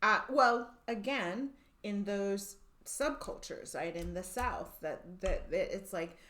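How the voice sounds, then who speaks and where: Chill podcast woman, middle pitch, thinks out loud, lots of um and restarts. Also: takes it slowly. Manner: thoughtful, hesitant restarts, agreeable. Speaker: podcast co-host. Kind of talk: casual chat.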